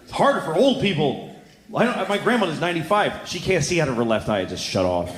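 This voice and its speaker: Stand-up man, lively swooping delivery, slightly high voice, echoey club with noise behind. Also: fast talker. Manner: animated storytelling, acts out other people's voices. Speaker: stand-up comedian. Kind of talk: stand-up set on stage.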